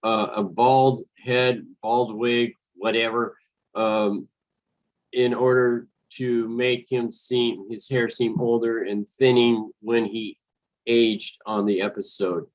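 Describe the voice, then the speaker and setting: A man's voice: mid-range voice, little pitch movement, slow, rough recording. A man hosting a solo podcast, talking casually and hesitantly, with many fillers and self-corrections. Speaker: podcast host.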